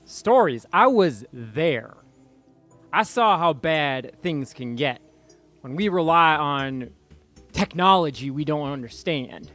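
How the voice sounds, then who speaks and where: A man voicing a gruff, pessimistic older male veteran pilot in a tabletop game, blunt and folksy in his speech. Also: a little high, expressive, takes it slowly, a bit bright, soft background music. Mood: grim.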